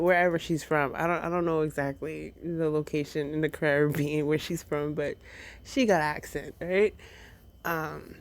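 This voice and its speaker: A woman's voice: low-pitched, creaky. A young adult woman, a mother, casually telling a personal story, hesitant with many fillers and restarts.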